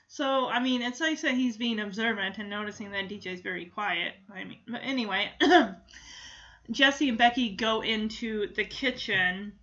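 Woman recap host, bright, high, giggly and casual, lo-fi mic. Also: moderate pace. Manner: chatty, giggly, lots of fillers like "like" and "you know".

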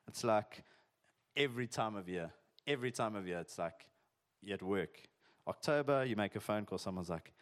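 Chatty pastor preaching. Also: male voice, lowish voice, expressive, moderate pace. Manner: conversational, chatty, uses "eh" and "like", jokey asides. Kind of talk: sermon.

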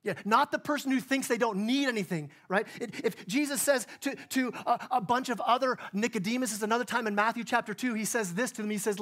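A man's voice: extremely high pitch, a little fast, hardly any pauses, fairly bright tone. A male pastor giving a sermon in church, in a conversational way that keeps acting out the people in the story. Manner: conversational, plays out dialogue in voices.

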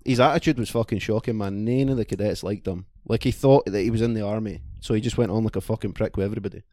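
A man's voice: fairly low pitch, fast, darkish tone, no room sound, studio quality. A man with a Scottish accent telling a rambling, profane anecdote in casual chat with friends.

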